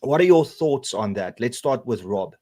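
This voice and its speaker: A man hosting a live political stream, reading out super chats and moderating the panel in a relaxed, hesitant way with lots of fillers. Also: medium pitch, normal speed. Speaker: host.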